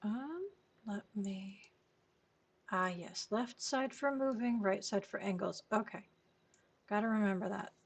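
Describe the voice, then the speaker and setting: A woman streaming a cozy game late at night, murmuring slowly to herself as she plays. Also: medium pitch, vocal fry, husky. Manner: slow, murmured talk to herself. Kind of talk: casual gameplay commentary. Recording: faint background music.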